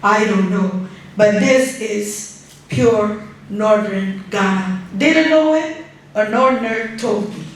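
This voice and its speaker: Lady ambassador lecturing, slow chatty pace, super echoey hall, faint room hum behind. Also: mid-range voice. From Suriname. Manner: unhurried, conversational, explains objects and checks in with the audience. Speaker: ambassador giving a guest lecture. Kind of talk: public lecture. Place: large university lecture hall.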